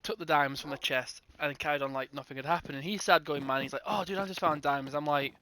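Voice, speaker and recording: Young dude rambling through a storytime vid, brightish higher voice, does all the other players' lines himself. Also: male voice, fast. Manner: rambling, acts out both sides of conversations in quotes. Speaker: gaming channel host. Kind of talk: casual storytime narration.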